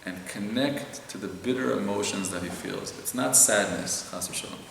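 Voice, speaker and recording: A man, a rabbi, giving earnest, heartfelt spiritual teaching in a synagogue, slow and emotional, acting out inner voices. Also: on the low side, creaky, a bit bright. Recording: echoey hall with faint noise.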